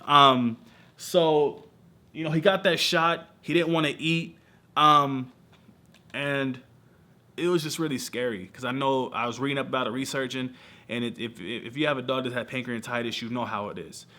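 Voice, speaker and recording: A young man in his twenties telling his news in a casual vlog, animated and emotional, peppering his talk with slang. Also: mid-range voice, normal speed. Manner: animated, emotional storytelling with slang like bro and y'all. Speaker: vlogger. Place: lives in Southern California.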